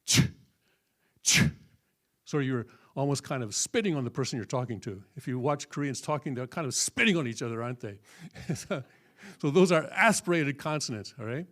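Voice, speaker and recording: A man teaching a classroom lesson in a folksy, halting way, often checking with the room. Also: mid-range voice, expressive, fairly bright tone. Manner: folksy, full of fillers and checking "okay?". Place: church hall.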